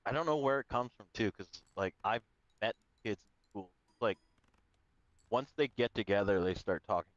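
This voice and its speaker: A man's voice: on the low side, expressive, moderate pace, dry recording. A man co-hosting a podcast in casual chat, rambling with lots of "like" and laughter. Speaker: podcast co-host. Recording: slightly dull lo-fi sound.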